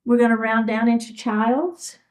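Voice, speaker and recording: A woman's voice: on the high side, steady tone, unhurried, darkish tone, rough recording. A woman teaching a chair yoga class, giving encouraging step-by-step cues for each move. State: a little out of breath. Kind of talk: guided fitness class instruction.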